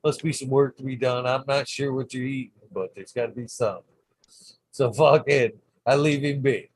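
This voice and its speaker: A man's voice: mid-range voice, fairly even intonation, normal speed, darkish tone, husky, dry recording, poor audio. A man hosting his own channel, telling a rambling, swear-heavy story in casual vlog style. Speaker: channel host.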